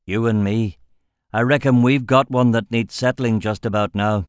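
A man voicing an old, stubborn male warrior, gruff and weary, speaking in a blunt, growling drawl. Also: medium pitch, fairly even intonation, normal speed, no echo, studio quality, lightly acted.

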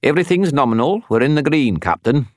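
A man's voice: lowish voice, sing-song, a little slow, no echo, clean studio sound. A man voicing a wisecracking male talking skull spirit with a snarky, teasing manner. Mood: playful.

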